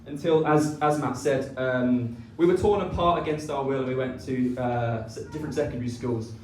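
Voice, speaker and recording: A man giving a teasing wedding speech, pausing often with ums. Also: mid-range voice, slight background noise. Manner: teasing, with many ums and pauses. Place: wedding reception hall. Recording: echoey room, mic from far off.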